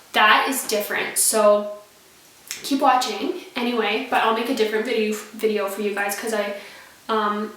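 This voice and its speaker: A woman in her thirties casually talking about parenting to the camera, chatty and laughing often, getting lively when she quotes her kids. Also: on the high side. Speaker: parenting vlogger. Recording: echoey room, a little far from the mic.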